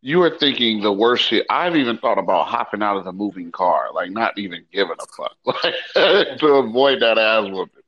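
A man co-hosting a podcast, telling loose, profane stories in casual chat and acting out lively retellings. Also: fairly low pitch, normal speed, muffled recording. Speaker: podcast co-host.

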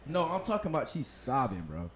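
Male podcast co-host, relaxed, profane banter, faint background noise. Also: medium pitch, fairly quick. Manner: laid-back, swears a lot, laughs loudly.

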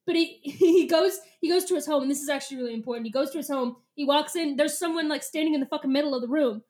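A woman with a very high voice hosts a casual podcast chat. She talks in an animated way, swearing freely and laughing between points. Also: fast talker. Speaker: podcast host.

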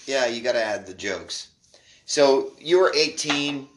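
A male podcast host in casual conversation, halting and supportive, with frequent restarts. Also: mid-range voice, lively intonation, fairly bright tone, slight background noise. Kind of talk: casual interview chat.

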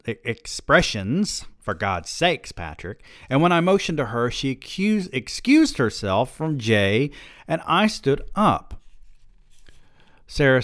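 A man hosting a podcast, reading a novel aloud with wry, deadpan asides. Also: mid-range voice, no room sound, studio quality. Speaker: podcast host.

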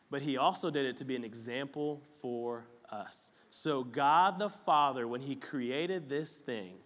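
This pastor's voice is medium in pitch and a bit bright. He preaches in a conversational, playful style, joking with the congregation in a church auditorium with slides, and the recording carries a long hall reverb.

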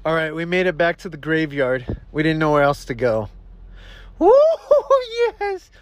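A man hosting a goofy comedy podcast, excitable and full of slangy banter. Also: fairly high pitch, fairly quick, smooth, faint music behind. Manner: excitable, says dude and bro a lot. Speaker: host.

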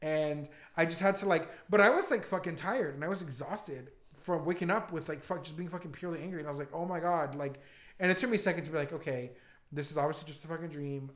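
A man's voice: a little high, fast talker, a bit bright. A young man co-hosting a podcast in casual chat, telling stories in a rambling, stammering way and swearing freely. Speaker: podcast co-host. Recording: echoey room.

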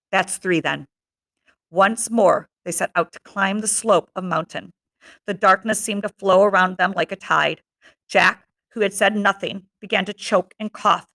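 A woman teacher reading a novel aloud to her class in a steady, measured narration. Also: mid-range voice.

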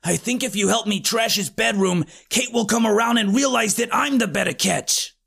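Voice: mid-range voice, moderate pace, gravelly, fairly bright tone, slightly rough. A narrator voicing a giant, scheming, lovesick boy in an audiobook, blunt in tone.

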